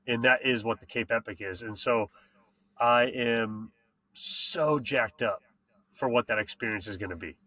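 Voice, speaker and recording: Male podcast host, bright tone, hyped and slangy, casual and profane. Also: medium pitch, a little slow. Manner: excited, slangy, swears freely. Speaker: podcast host and mountain bike racer.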